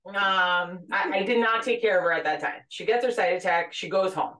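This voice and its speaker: A woman co-hosting a podcast, a former labor and delivery nurse telling a story in animated, casual chat full of fillers and laughter. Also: mid-range voice, fairly quick, recorded from a distance. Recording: echoey room, voice a bit off-mic.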